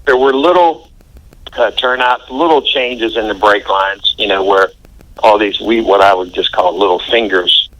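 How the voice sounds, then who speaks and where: Older man with a bright, forceful voice. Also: on the low side, measured pace, rough recording. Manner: chatty, laughs while recounting, folksy. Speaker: interview guest. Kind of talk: anecdotal storytelling interview.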